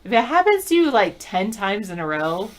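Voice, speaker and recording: A woman's voice: medium pitch, sing-song, normal speed. A woman co-hosting a casual talk show, giving playful dating advice and acting out quoted lines. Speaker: co-host.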